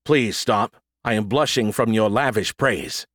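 A man's voice: fairly low pitch, measured pace, fairly bright tone, dry recording, studio quality. A man voicing an arrogant, sarcastic male alien AI in an audiobook, snarky and theatrical. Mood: lecturing. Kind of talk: audiobook character voice.

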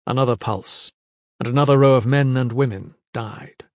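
A man giving a measured, dramatic scripted narration of a fantasy audiobook, mid pitch, recorded dry and close. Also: steady tone, darkish tone, dry recording.

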